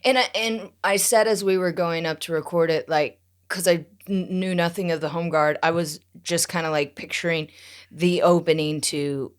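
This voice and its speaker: A woman's voice: on the low side, steady tone, moderate pace. A woman co-hosting a podcast, quippy and reactive in casual chat. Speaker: podcast co-host.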